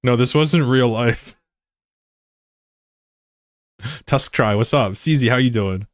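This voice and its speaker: A man's voice: mid-range voice, takes it slowly, no room sound, studio quality. A man live streaming and chatting casually with his viewers while he plays, laid-back, swearing freely and laughing easily. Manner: chats with viewers while playing a game. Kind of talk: casual livestream chat.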